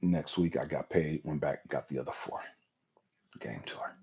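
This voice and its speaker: A man's voice: rumbling low, moderate pace, darkish tone, breathy edge, muffled recording. A man hosting a livestream, telling an emotional personal testimony in a raw, profane storytelling manner. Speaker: livestream host.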